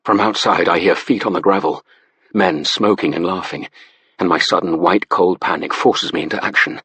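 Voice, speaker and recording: A man's voice: deep voice, moderate pace, fairly bright tone, husky, dry recording. A man narrating a first-person psychological thriller, voicing a panicked husband who curses as he speaks. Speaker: audiobook narrator.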